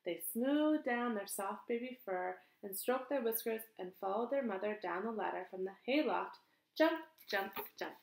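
A woman teacher reading a picture book aloud to children in an expressive, sing-song way. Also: mid-range voice, normal speed, vocal fry, few pauses. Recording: echoey room.

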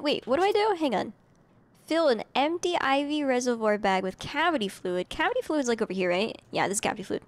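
A young adult woman with a high voice plays a game on stream, offering casual commentary. She reads the game instructions aloud, loses her train of thought, and giggles while chatting with viewers.

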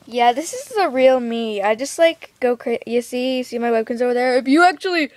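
A woman's voice: a little high, fairly quick. A woman rambling in a hyper, giggly, scattered way in a casual vlog, lying down indoors. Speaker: vlogger. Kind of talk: rambling self-promo vlog.

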